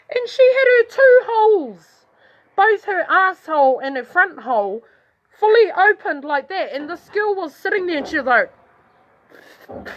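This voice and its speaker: A woman's voice: sits high, dull audio. Blunt, swearing New Zealand woman storyteller. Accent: New Zealand English. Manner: heavy swearing, blunt and rambling; animated, voice jumps up when excited. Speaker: vlogger. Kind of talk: casual crude storytelling.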